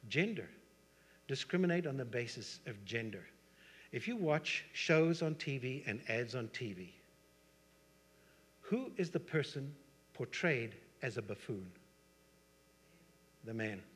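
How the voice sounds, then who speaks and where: Speaking at a medium pitch with a slightly rough edge, this middle-aged South African pastor preaches conversationally. He tosses rhetorical questions and asides to his congregation while the hall adds a long reverb.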